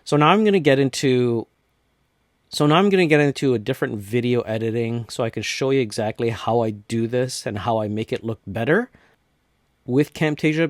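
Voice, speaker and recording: A man from North America talks through a software tutorial, clicking along and narrating each step. He speaks casually, restarting phrases here and there. His mid-pitched voice is recorded dry and close. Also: no room sound. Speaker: tutorial host.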